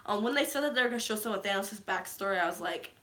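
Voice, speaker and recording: A woman chats through a movie recap in a bright, forceful voice, her tone crisp and energetic. She rambles loosely, gushing, and fills her talk with frequent ums. The delivery sits at an ordinary middle pitch. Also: quick pace. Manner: rambling, filler-heavy, gushing. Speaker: vlogger. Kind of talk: casual movie recap chat.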